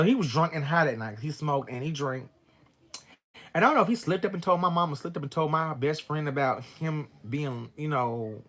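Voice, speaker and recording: Animated man telling a profane story. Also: a little high. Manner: animated, profane, acts out both sides of an argument. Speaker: vlogger telling a personal story. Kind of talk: casual storytelling to camera.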